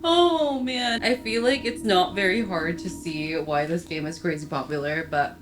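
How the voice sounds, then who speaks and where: A young woman in her twenties giving casual, excitable commentary while playing a VR game, bursting into squeals and laughter when startled. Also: on the low side, normal speed, music in the background. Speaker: VR gaming YouTuber.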